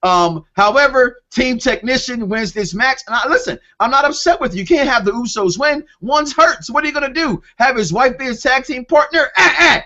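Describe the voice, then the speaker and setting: Bright high-voiced excited man. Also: brisk, few pauses. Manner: animated, exclaiming, repeats himself. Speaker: podcast co-host. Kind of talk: excited wrestling podcast chat. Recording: dull lo-fi call audio.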